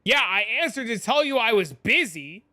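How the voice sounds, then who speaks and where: Bright-voiced young man venting on stream. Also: extremely high pitch, big pitch swings, normal speed. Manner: rambling, heavy use of "like", exasperated venting. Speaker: game streamer. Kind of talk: casual live-stream chat.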